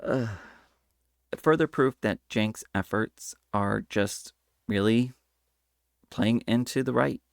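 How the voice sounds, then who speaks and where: A man talks straight into the mic for his commentary channel, his mid-range voice carrying a gravelly edge. The sound is dry with no room around it. He gets animated and drops into mocking voices now and then. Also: medium pitch, takes it slowly, long pauses, no room sound. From Hispanic Latino background. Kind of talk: casual political commentary.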